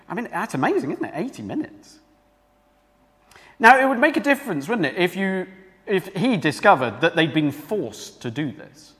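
A man's voice: sits high, sing-song, normal speed, a bit bright, long reverb tail. A man preaching a sermon in a church, talking conversationally and asking the congregation questions.

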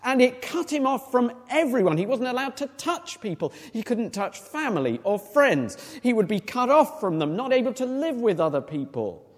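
A man's voice: very high voice, big pitch swings, moderate pace, few pauses, in a large hall. A man preaching a sermon, explaining a Bible passage in a conversational way with rhetorical questions to the congregation.

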